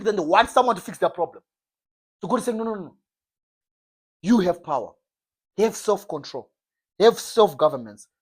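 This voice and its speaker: A preacher with a mid-range voice and a breathy edge gives an informal sermon. His style is emphatic and repetitive, and he frequently plays out brief comic exchanges.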